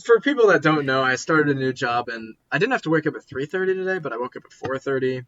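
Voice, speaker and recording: A man's voice: mid-range voice, animated, fast, fairly bright tone, dull audio, a little hiss or hum. A tired young man chatting casually on a podcast about music, rambling and cutting himself off. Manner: rambling, self-interrupting. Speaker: podcast co-host.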